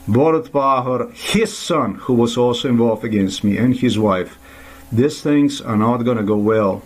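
Angry man ranting. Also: medium pitch. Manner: furious, profane, rambling with restarts. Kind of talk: angry monologue to camera.

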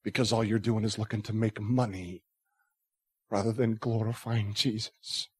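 A man's voice: fairly low pitch, flat delivery, normal speed, breathy edge. A male pastor delivering a sermon, earnest and conversational, pressing his listeners with rhetorical questions. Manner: conversational asides.

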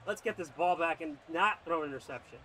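An excitable young man talks through his football video game as he plays, his high, bright voice leaping around as he calls plays and groans at mistakes. A faint hum of ambient sound sits behind him. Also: a little fast. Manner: excitable, swings from muttered play-calling to loud outbursts. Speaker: gaming YouTuber. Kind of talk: live commentary on his own football video game play.

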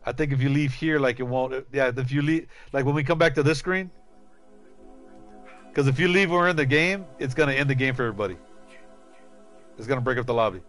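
A man's voice: medium pitch, brisk, pauses often, fairly bright tone, soft background music, rough recording. A middle-aged man chatting casually over his gameplay, laughing often and talking to his chat and teammates. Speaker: gaming streamer.

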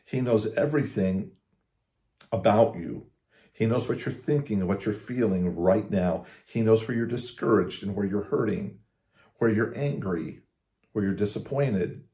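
A man with a lowish, mellow voice gives a casual devotional talk as a pastor. He talks conversationally, restarts his phrases and slows down to lean on scripture. The recording has a roomy echo. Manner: conversational, with frequent restarts and slow emphasis on scripture.

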